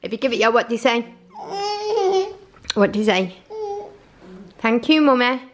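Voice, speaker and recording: A woman's voice: fairly high pitch, normal speed. A woman chatting casually in a home vlog, coaxing and teasing her toddler. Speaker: family vlogger. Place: family home, indoors.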